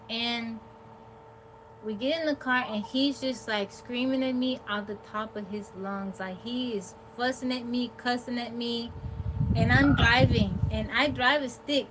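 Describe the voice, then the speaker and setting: A woman hosting a livestream, casually telling a personal story in a rambling, candid way and quoting what people said. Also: fairly high pitch. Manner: candid, rambling, quotes herself and others. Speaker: livestream host. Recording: noisy background.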